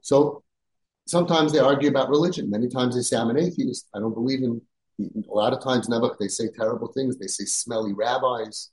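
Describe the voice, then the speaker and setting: A man hosting a parenting podcast, speaking emphatically and sprinkling in Yiddish and Hebrew words, rising to near-shouting when he scolds. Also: medium pitch, brisk, roomy sound, low-quality recording. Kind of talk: podcast talk giving advice.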